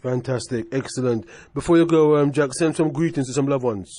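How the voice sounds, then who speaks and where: A man's voice: mid-range voice, a little fast, mellow, dry recording. A man hosting a radio talk show, speaking emphatically and repeating his phrases for effect. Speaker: radio host. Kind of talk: casual radio chat.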